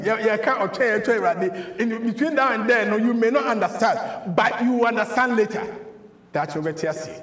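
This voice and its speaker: A man with a Ghanaian accent preaching a sermon as pastor, animated and repeating words for emphasis. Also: extremely high pitch. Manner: switches between English and Twi, animated preaching with repeated words. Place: church hall. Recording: echoey church hall.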